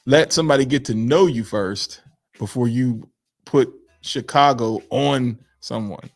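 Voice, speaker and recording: A man from Pittsburgh co-hosting a podcast, animated and opinionated, slipping into mimicked voices. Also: mid-range voice, unhurried, gravelly. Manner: animated, acts out quoted voices while ranting. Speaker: podcast co-host. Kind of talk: casual opinion chat.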